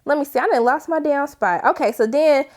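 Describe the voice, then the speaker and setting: A young woman recapping a TV episode in casual speech, animated and sassy, swearing freely and acting out the characters' lines. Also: high voice, brisk. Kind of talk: casual recap with acted-out quotes.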